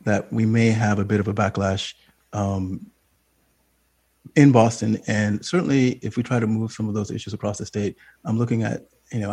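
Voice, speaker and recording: A man with a low, husky voice who talks hesitantly and thoughtfully, pausing with frequent ums. He is a guest on a radio panel. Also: darkish tone. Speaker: advocacy group director.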